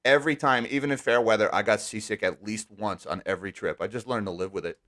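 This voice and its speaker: A man hosting a live stream, talking casually and wryly, with quick sarcastic asides. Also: lowish voice, a bit bright. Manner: chatty, wry, quick asides. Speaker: livestream host.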